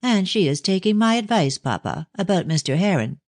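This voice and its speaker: A man's voice: high-pitched, expressive, brisk, no echo, clean studio sound, voice pushed up. A man voicing an anxious young Victorian daughter who pleads earnestly with her father in an audiobook. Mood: hesitant. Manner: pleading, raised and earnest delivery. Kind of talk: audiobook reading of a novel.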